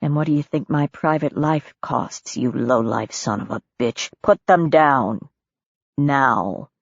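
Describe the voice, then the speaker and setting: A woman narrator voicing a hot-tempered woman who shouts and swears at intruders on her property. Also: extremely low pitch, slow, no room sound, muffled recording, voice pushed down, full character voice. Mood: cold menace.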